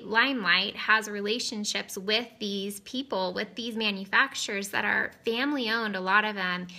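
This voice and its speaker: A woman's voice: mid-range voice, bright, forceful tone. A woman in her thirties chatting casually on a live stream, giggly and rambling off on tangents. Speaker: cosmetics seller streaming live. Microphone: webcam or phone on camera.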